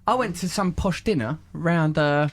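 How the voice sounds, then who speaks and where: A man hosting a podcast, telling lively, sweary anecdotes in casual chat. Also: on the high side, normal speed. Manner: lively anecdotal storytelling, mock voices, sweary. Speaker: podcast host.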